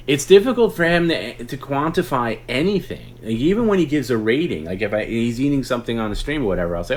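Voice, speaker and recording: A man hosting a casual late-night stream, rambling, often laughing and breaking into hushed imitations of others. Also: medium pitch, animated, a little fast. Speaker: podcast host.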